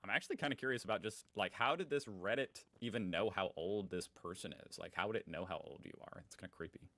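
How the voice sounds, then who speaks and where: A man's voice: fairly low pitch, fast talker, sharp tone, no echo, poor audio. A young man hosting a reaction video, reading posts aloud with sarcastic, amused commentary. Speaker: host.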